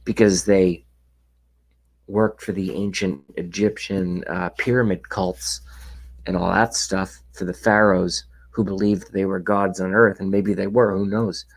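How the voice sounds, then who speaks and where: A man with a low, husky voice hosts a loose live-streamed rant into a webcam mic. He chats with viewers between bursts of sarcasm and swearing, and sometimes drops to a whisper. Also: steady tone, measured pace, rough recording. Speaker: livestream host. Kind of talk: casual ranting live chat.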